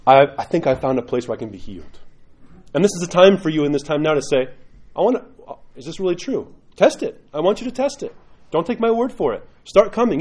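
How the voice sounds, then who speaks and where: A middle-aged man teaches a church class in a sermon style, talking fast and conversationally. His voice sits a bit high for a man, and he slips into little acted-out quotes to make his points. The delivery stays lively and direct throughout. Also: slightly rough, rough recording.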